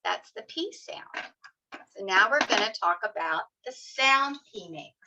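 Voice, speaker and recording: A woman teaching young children letter sounds in an online lesson, slow and encouraging, sounding out each letter. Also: medium pitch, lively intonation, background noise. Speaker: kindergarten teacher. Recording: slightly dull lo-fi video audio.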